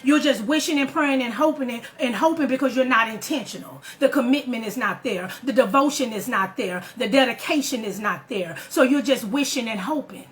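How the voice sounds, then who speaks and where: Woman with a high voice giving a motivational talk, repeats lines over and over like a preacher, calls out the listener. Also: fairly quick, few pauses, a little hiss or hum. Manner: emphatic and repetitive, preacher-like build-ups. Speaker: motivational speaker.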